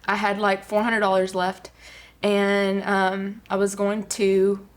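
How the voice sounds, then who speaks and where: A woman's voice: medium pitch, completely flat delivery, slow pace. Lady guest telling her life story, earnest, lots of um and like. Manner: earnest storytelling with many fillers. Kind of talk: personal testimony on a talk show.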